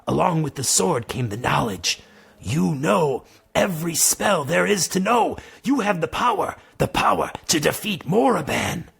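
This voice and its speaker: A man's voice: fairly high pitch, lively intonation, a little slow, vocal fry, a bit bright, husky, pitched above the performer's own voice, exaggerated voice. A man voicing Granlo, a wise old male spirit guide who speaks in lofty, solemn phrases. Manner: solemn, lofty speech that slips into slang.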